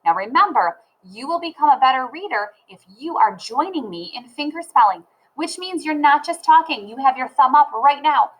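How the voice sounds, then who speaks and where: A woman teaching a phonics lesson to children, sounding out letters and words slowly and clearly. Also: high-pitched, animated, fairly bright tone, poor audio.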